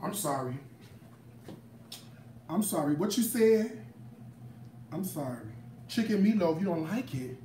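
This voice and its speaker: A man's voice: fairly high pitch, expressive, unhurried, long pauses, mellow, far from the mic, a little hiss or hum. A man hosting a casual cooking demonstration, chatting to viewers with lots of exclamations as he shows off his cookbook recipes. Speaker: cooking show host and cookbook author. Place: kitchen. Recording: echoey room.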